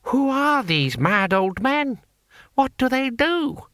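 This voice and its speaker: A man voicing an anxious, fussy male tax gatherer, high and slow. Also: animated, pushed and bright, dry recording, clean studio sound, heavily acted. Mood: alarmed.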